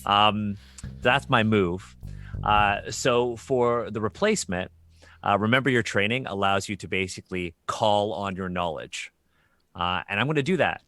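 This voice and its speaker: A man playing a tabletop role-playing game, describing his character's moves with excited, quick asides and laughter. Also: lowish voice, no echo. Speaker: player. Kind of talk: narrating a tabletop game move.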